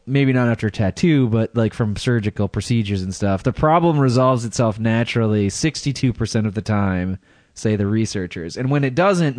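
A man's voice: medium pitch, a little mellow, no echo. A man co-hosting a comedy podcast, reading out news stories in casual chat and laughing often between crude jokes. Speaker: podcast co-host.

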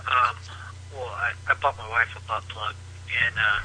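A man from Iowa calling in to a podcast, halting and full of ums. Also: medium pitch, level tone, pushed and bright, rough recording. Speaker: caller.

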